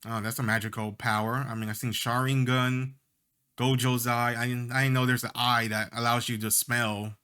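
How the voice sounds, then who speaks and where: A man's voice: medium pitch, flat delivery, moderate pace, sharp tone, smooth. A young man hosting a casual let's play, reading story text with jokey asides. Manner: jokey asides between read lines.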